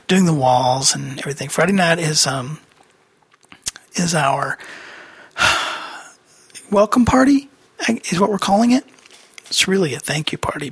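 A man's voice: on the high side, a bit bright, husky, no echo. A man hosting a podcast, giving a casual personal update in a rambling way with many fillers and restarts. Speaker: podcast host.

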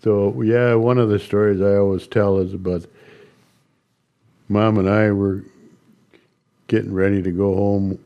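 An older man recounting old church stories in a halting, chuckling interview manner. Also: lowish voice, little pitch movement, dull audio. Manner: slow, halting storyteller with chuckles. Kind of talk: storytelling interview.

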